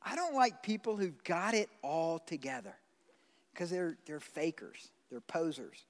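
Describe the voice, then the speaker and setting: A man preaching a sermon as pastor, blunt and conversational, swinging from loud pleading to quiet. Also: on the high side, expressive, measured pace. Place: church sanctuary. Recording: long hall reverb.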